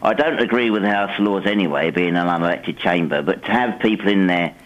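A low-voiced man calls in to a radio show. He makes his point earnestly but haltingly, with plenty of ums and uhs. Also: a bit bright, muffled recording. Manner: hesitant, earnest, full of fillers. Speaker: caller.

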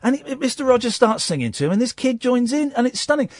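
A man hosting a radio show, telling stories in a casual, animated way, acting out people's lines and going soft and quiet when he is moved. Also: very high-pitched, quick pace, no echo, studio quality. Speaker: radio host. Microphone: studio microphone.

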